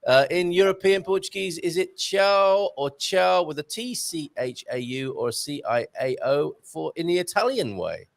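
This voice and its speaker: A man from England hosts a relaxed live question show, reading out viewer messages with jokes along the way. His voice sits somewhat high for a man. The sound is close and dry. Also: normal speed, vocal fry, hardly any pauses, dry recording. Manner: chatty, reads out viewer messages, jokey. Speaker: host. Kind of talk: casual live Q&A hosting.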